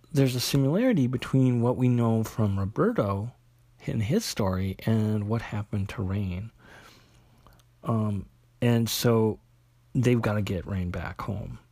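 Man, husky voice, casual comic recap, halting with fillers, dry close sound. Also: fairly low pitch, darkish tone, no room sound. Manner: halting, lots of fillers and restarts. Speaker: comic book reviewer.

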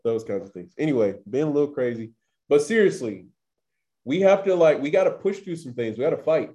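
A man's voice: fairly high pitch, animated, fairly quick, dark tone. A man teaching a scripture passage in a loose, chatty way, full of filler words and acted-out quotes. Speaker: Torah teacher. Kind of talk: casual scripture study talk.

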